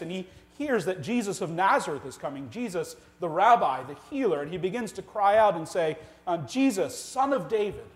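Earnest pastor preaching a sermon. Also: male voice, high voice. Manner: earnest, rhetorical questions, shifts between loud emphasis and quiet. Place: church sanctuary.

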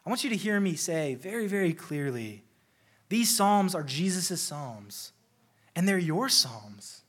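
A man preaching a sermon in an earnest way, slowing down and building intensity through lists. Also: fairly high pitch, sing-song. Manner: earnest, slows and stresses key phrases. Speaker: pastor.

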